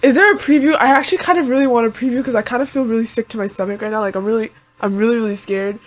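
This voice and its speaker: A woman's voice: fairly high pitch, fairly even intonation, racing. A woman hosting an anime reaction video, talking in an emotional, panicky and rambling way with many exclamations. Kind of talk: live reaction commentary.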